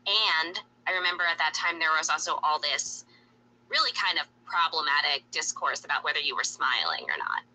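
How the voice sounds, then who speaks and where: A woman interviewer asking questions in a sympathetic, measured way. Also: low-pitched, lively intonation, bright, forceful tone, slight background noise, low-quality recording.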